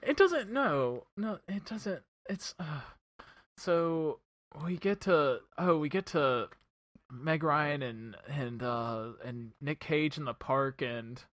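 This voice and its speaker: A man's voice: fairly high pitch, expressive, slow, fairly bright tone, dry recording. A man co-hosting a film podcast in casual chat, sarcastic and swearing, mimicking movie lines as he goes. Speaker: podcast co-host.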